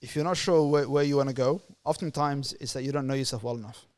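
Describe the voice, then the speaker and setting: In a medium-pitched, slightly mellow voice, a youth worker originally from Somalia and raised in Australia talks earnestly and fast as a podcast guest. The interview is casual, and his speech is full of repeated words and "you know" fillers.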